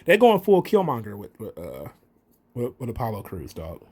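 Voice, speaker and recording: A man's voice: on the low side, normal speed, slightly rough. A man giving a casual, profane wrestling recap, acting out the wrestlers' lines in raised voices. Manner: animated, profane, acts out quotes in raised voices. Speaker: wrestling commentary podcaster.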